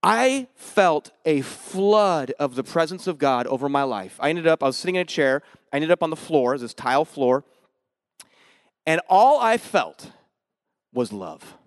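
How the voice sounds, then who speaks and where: A man delivers a sermon in a notably high voice, telling his own story with big emotional swings between loud, excited bursts and hushed moments. He talks casually, throwing in slang as he preaches. The sound is dry and close, with no room around it. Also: no room sound. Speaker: pastor. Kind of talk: sermon with personal testimony.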